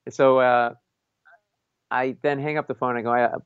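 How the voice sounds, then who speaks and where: A male stand-up comedian tells a story in an animated way, often acting out the voices of the people in it and laughing as he goes. His voice comes through muffled and a little lo-fi. The sound is dry, with almost no room echo. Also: medium pitch, normal speed, clean tone. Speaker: stand-up comedian, podcast host. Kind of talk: casual anecdote on a talk show.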